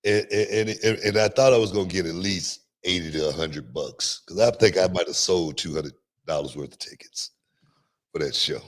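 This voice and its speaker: A middle-aged man with a very deep, low voice tells stories on a podcast. He talks in a relaxed, repetitive way, loops back on his phrases and breaks into laughs often. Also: moderate pace. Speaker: podcast host and wrestling promoter. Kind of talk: casual podcast storytelling. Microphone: podcast microphone, remote stream.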